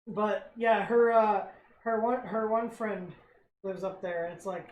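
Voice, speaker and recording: An American man hosting a livestream, chatting casually and teasing with frequent laughs. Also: high voice. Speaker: livestream host. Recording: roomy echo, faint background noise.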